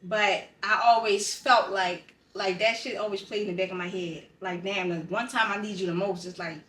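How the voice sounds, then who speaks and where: A woman's voice: mid-range voice, fairly even intonation, normal speed, a bit bright. A woman on a podcast, telling a painful story in a blunt, profane, emotionally raw way. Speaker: podcast co-host. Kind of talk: candid personal conversation. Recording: roomy sound, distant from the mic.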